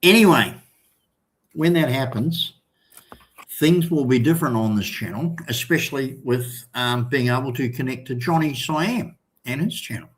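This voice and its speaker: An older Australian man hosting a livestream, chatting casually and reading out viewer comments in a rambling, halting way with many restarts. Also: mid-range voice. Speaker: livestream host.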